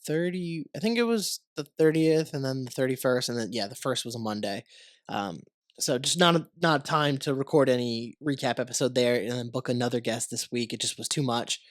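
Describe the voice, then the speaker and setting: An American podcast host with a cold talks briskly at medium pitch, sounding congested. He's relaxed and rambling and swears casually. The sound is studio quality with no echo.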